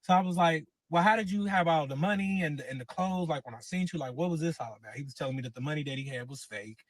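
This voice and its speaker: A man, casually telling a long personal story and acting out every quote with lively cursing. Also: on the high side, quick pace, dry recording. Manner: animated, acts out quotes with cursing. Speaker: guest telling his story.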